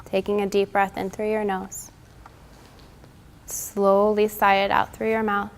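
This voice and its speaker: A woman leading a guided mindfulness and stretching session with gentle, soothing spoken cues. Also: medium pitch, monotone, a little slow, vocal fry. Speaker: mindfulness instructor.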